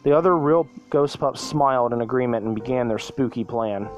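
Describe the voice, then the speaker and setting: A man's voice: mid-range voice, fairly quick, soft background music, low-quality recording. Man stumbling through a storybook reading. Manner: stumbling, self-correcting reading. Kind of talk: reading a fan story aloud.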